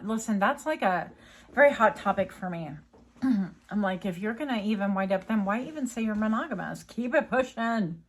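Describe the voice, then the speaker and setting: A woman giving a casual tarot reading, chatty and rambling, with many fillers and tangents. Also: medium pitch. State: coughing, a bit choked up. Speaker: tarot reader.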